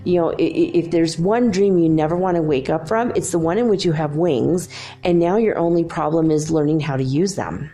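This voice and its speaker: A middle-aged woman hosting a podcast, telling a dream in a chatty, animated way and laughing often. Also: low voice, brisk. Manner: chatty, animated, laughs often, quotes herself and her son. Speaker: podcast host. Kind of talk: casual spiritual storytelling.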